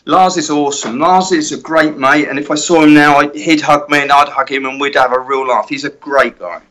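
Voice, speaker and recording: A middle-aged man, a guitar tech, telling lively anecdotes in a casual interview and acting out other people's lines. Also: on the high side, a little fast. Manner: animated anecdote-telling with many quoted voices.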